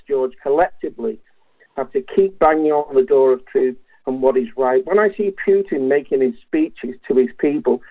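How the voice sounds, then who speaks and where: A man from England, calling in to a talk show, earnest and impassioned. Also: on the high side. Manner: earnest and impassioned, repeatedly addressing the host by name. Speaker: caller. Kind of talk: phone-in call. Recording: tinny phone line.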